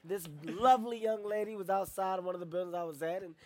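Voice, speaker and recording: A man's voice: high-pitched, fast talker. A man from Philadelphia, a touring performer, telling stories with energy and frequent laughter in an interview. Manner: animated storyteller, laughs easily.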